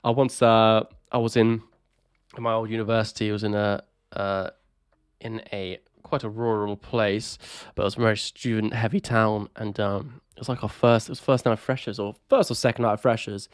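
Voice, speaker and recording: A man's voice: fairly low pitch, flat delivery, normal speed, clean tone, no room sound, studio quality. A young man from England, co-hosting a podcast and telling rambling, self-mocking stories full of fillers. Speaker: podcast co-host. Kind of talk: casual chat.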